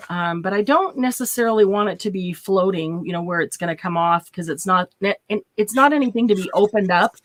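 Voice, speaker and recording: A chatty woman talking through a paper-craft tutorial. Her voice sits at an ordinary middle pitch. She thinks aloud and giggles easily between steps. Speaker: craft channel host. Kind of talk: casual craft tutorial with live chat.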